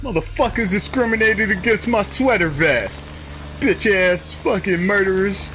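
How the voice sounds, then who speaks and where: A man's voice: high voice, moderate pace, a little hiss or hum, low-quality recording. A man streaming a game, trash-talking in loose, profane commentary. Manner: profane, animated trash talk. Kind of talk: live gameplay commentary.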